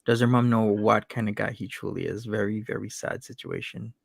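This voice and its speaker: A man's voice: on the low side, level tone, fairly quick, gravelly, no room sound. A man hosting a live commentary show, reacting bluntly and wryly to a played clip. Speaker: show host.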